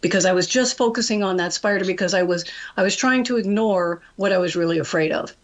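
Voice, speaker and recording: A middle-aged woman is a guest on a talk show and tells a story in a chatty, lively way. Her voice sits at a middle pitch. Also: fast. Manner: chatty, animated storyteller, laughs often. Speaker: radio guest, trading coach.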